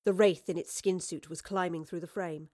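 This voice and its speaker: A woman narrating a story aloud in an even, clear manner. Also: lowish voice, moderate pace, no room sound, studio quality. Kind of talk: storybook reading.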